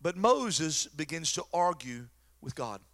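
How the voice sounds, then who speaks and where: A man's voice: on the high side, very animated, unhurried, fairly bright tone. A middle-aged man, a pastor preaching a sermon in a folksy, joking, storytelling way.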